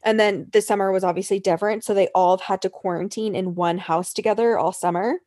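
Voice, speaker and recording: A woman's voice: medium pitch, fairly even intonation, quick pace, darkish tone. A young woman co-hosting a podcast, chatting casually about a reality show, swearing a lot and laughing often. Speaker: podcast co-host. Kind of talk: casual chat.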